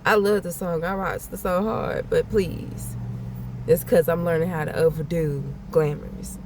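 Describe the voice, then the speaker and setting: Woman, lower register, casual blunt spiritual vlogger who repeats her warnings and swears, traffic noise loud behind her. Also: steady tone, measured pace. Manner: blunt, repetitive, swears freely. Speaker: spiritual vlogger giving a channeled message.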